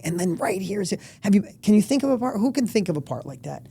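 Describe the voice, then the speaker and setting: Emphatic motivational man, mellow tone. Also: high voice, expressive, brisk, hardly any pauses, husky. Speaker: guest. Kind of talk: podcast conversation.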